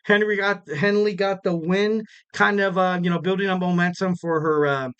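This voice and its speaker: A man's voice: high-pitched, steady tone, moderate pace, fairly bright tone, clear, resonant tone, highs cut off. Chatty young man recapping wrestling. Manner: rambling, many fillers and self-corrections; jokey, laughs at himself. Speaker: podcast host.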